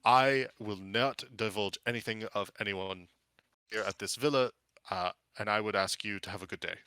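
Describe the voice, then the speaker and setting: A man's voice: lowish voice, moderate pace, sharp tone, clean tone. A man voicing a nervous, apologetic middle-aged butler who stammers. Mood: flustered.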